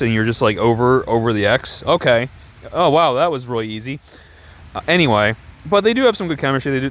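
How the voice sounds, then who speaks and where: A man ranting casually about a movie, rambling with lots of "like" and sarcastic swearing. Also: mid-range voice. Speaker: movie reviewer. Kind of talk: casual film review rant.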